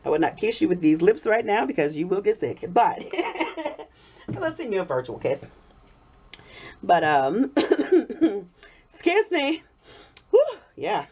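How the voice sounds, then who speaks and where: A woman vlogger chatting casually while making soap, her voice hoarse from a cold. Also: medium pitch, sing-song, takes it slowly, long pauses. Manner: chatty, warm thanks to viewers, frequent laughs. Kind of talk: casual chat while crafting. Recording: dull lo-fi recording.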